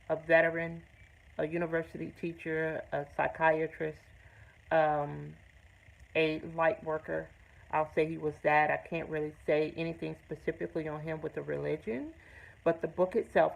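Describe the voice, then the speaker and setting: A woman's voice: sits low, vocal fry, narrow, tinny audio. A woman hosting her own show, telling a personal story in an earnest, emphatic way with blunt, salty language. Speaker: host. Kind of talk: personal testimony to camera.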